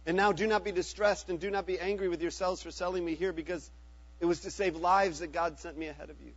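A man reading the part of a powerful ruler who speaks gravely to his brothers, in a scripture reading. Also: high voice, steady tone, fast talker, lo-fi sound. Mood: earnest.

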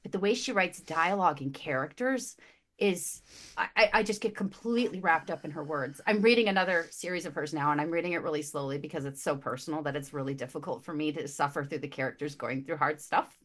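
A woman on a podcast panel talking about books she loved, gushing and emotionally expressive, often restarting and repeating words as she goes. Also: low voice, fast. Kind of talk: casual book chat.

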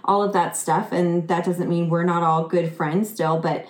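A woman's voice: on the low side, fairly even intonation, moderate pace, roomy sound. A woman co-hosting a podcast in casual chat, agreeable and often saying "you know" and "right.". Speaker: podcast co-host.

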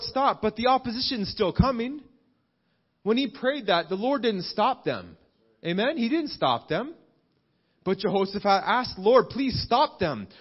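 A man's voice: sits high, dull audio. A man in his thirties preaching a sermon, earnest, repeating phrases and asking the congregation "amen?". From Canada. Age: 30s. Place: church service.

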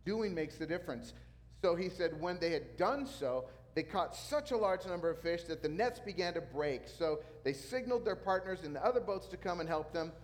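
Male pastor, lively preaching voice pitched a little high, long hall reverb. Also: normal speed. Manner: animated preaching, acts out quotes. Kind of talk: sermon.

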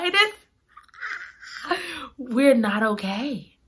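A woman's voice: medium pitch, lively intonation, measured pace, sharp tone. A woman reviewing a romance novel in a casual, dramatic and gushing way. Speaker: book reviewer. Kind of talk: casual chat.

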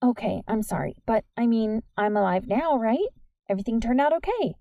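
A blunt, skeptical teenage girl who brushes things off briskly, as a woman reads her. The voice has a gravelly edge and a warm, mellow tone. It sounds close and dry, like a storybook reading. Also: fairly high pitch, animated, dry recording, dull audio.

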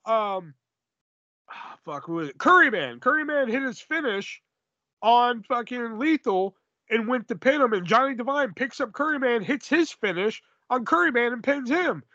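High, bright-voiced man ranting casually. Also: normal speed, no room sound, dull audio. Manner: rambling, profane, animated storytelling. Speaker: podcast co-host. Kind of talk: casual wrestling review chat.

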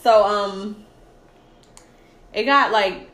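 A woman's voice: mid-range voice, extremely slow, a bit bright, echoey room. A woman in her thirties chatting casually about her relationship, laughing often and acting out what people said. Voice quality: laughing, emotional storytelling, acts out quotes. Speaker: podcast guest telling her love story. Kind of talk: casual chat.

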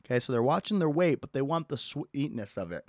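Animated, profane man hosting a podcast. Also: medium pitch, brisk, dry recording, studio quality. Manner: animated, profane, mock-disgusted. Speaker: podcast host. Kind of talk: solo comedic podcast rant. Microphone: close podcast mic.

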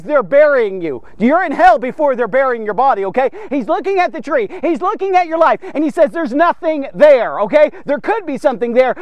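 A man delivering a devotional sermon in a very high voice. He preaches with insistent emphasis, repeating himself and tossing in "okay?" over and over. The sound is close and dry. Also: no echo. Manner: emphatic, repetitive, frequent "okay?".

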